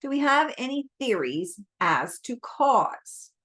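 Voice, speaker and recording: A male government agent speaks in a slow Texan drawl, voiced by a woman reading aloud. It is a slow, unhurried audiobook delivery. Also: on the high side, sing-song, a bit bright, full character voice. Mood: dry.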